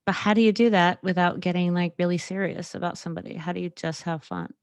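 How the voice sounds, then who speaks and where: Candid rambling woman podcaster, low voice. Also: steady tone, quick pace, clean tone, no room sound. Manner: candid and rambling, with frequent laughs and fillers. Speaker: podcast host. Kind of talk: casual solo podcast chat.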